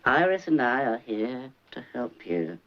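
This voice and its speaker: In a 1970s film comedy, a performer plays a nagging, overbearing elderly mother who poses as a psychic, fussy and gossipy, rambling theatrically. The voice is medium-pitched and a little slow, with big pitch swings. The sound is a dull old film soundtrack with faint hiss.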